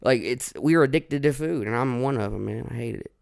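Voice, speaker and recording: A man's voice: medium pitch, brisk, creaky, dry recording, studio quality. A man hosting a podcast, chatting casually in a joking, profane way. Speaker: podcast host.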